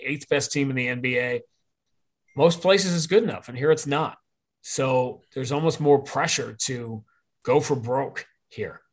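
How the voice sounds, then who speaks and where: A man speaks at a middle pitch as a podcast guest. His talk is rambling and opinionated, with many restarts and self-corrections as he works through his point. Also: fairly bright tone. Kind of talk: casual podcast conversation.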